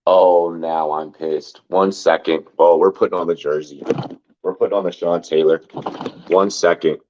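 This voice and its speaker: A man's voice: low-pitched, fairly even intonation, moderate pace, darkish tone. A man hosting a fantasy football show in loose, rambling talk, full of repeated words and "like", with some swearing. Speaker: fantasy football podcast host. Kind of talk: casual sports talk. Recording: dull lo-fi sound.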